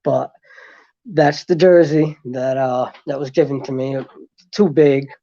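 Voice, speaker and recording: A man guest telling a long story in casual chat, rambling with many fillers and restarts, and getting animated as he retells events. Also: medium pitch, measured pace, vocal fry, no echo, lo-fi sound.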